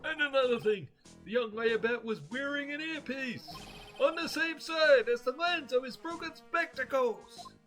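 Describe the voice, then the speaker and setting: A man voicing a cranky, paranoid old male craftsman who rants and shouts. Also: moderate pace, soft background music. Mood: indignant. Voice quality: shrill, ranting. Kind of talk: game dialogue read aloud.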